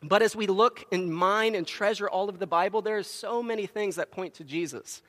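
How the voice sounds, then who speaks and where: A man's voice: high voice, moderate pace, a bit bright, long reverb tail. A man preaching a Sunday sermon into a microphone in a church, telling Bible stories with emphasis and acting out the quotes. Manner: storytelling with acted quotes, emphatic. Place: church sanctuary.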